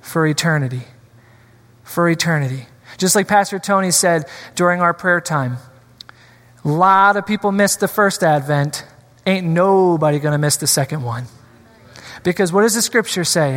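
A man preaching a sermon in a church, animated and acting out scripture scenes with changing voices. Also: sits high, moderate pace. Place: church sanctuary. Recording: long hall reverb.

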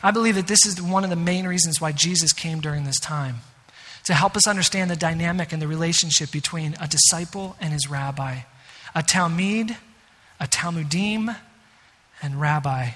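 Man preaching, emphatic, conversational, sharp tone, reverberant sanctuary. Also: a little high, normal speed. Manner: earnest, emphatic, with conversational asides. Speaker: pastor. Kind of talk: sermon. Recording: reverberant hall.

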